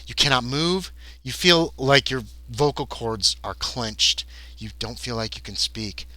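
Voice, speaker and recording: A man running a tabletop horror game as game master, narrating in an animated way with some filler restarts. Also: mid-range voice, a little slow, no echo.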